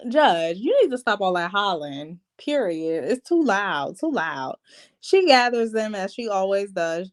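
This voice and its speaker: A woman casually recapping a reality TV episode, chatty and animated, with slangy asides to her viewers and frequent laughs. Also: mid-range voice.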